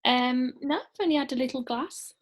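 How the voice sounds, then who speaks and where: A woman's voice: high-pitched, a little fast. A woman chatting with her husband over a video call from downstairs at home, self-conscious and giggly, speaking a little formally. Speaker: guest, host's wife. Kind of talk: casual chat.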